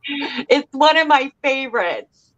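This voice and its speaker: Woman, crafting stream co-host, high voice, laughs a lot, lots of fillers, muffled audio. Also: slow. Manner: laughs often, filler-heavy and relaxed. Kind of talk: casual chat.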